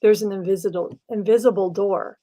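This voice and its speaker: A woman taking part in a relaxed panel chat, with a voice of middling pitch. She thinks out loud and muses over ideas in an easy conversational tone. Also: a little fast.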